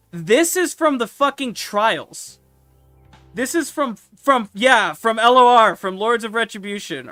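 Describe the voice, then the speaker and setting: A man streaming casual commentary, excitable and swearing freely, with loud sudden outbursts. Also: high-pitched, no room sound.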